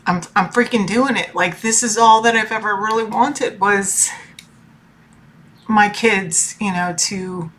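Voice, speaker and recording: A woman's voice: mid-range voice, steady tone, unhurried, a bit bright, a little hiss or hum. A woman in her forties talking about her family in a personal vlog, emotional and rambling, full of fillers and restarts. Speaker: tarot reader and life coach.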